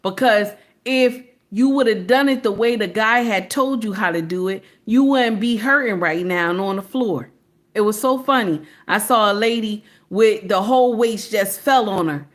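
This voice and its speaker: A woman's voice: mid-range voice, moderate pace. A woman in her forties with a Southern US accent, talking casually and preachily on a livestream and calling her viewers "baby". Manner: preachy, sassy, talks straight to viewers with "baby" and "okay?". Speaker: livestream host.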